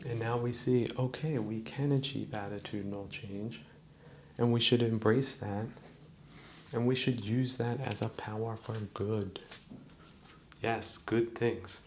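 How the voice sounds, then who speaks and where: A man hosting a podcast, musing in a slow, preachy mock-sermon monologue with a gravelly voice. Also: on the low side, steady tone, slight background noise. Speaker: podcast host. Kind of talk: rambling comedic monologue.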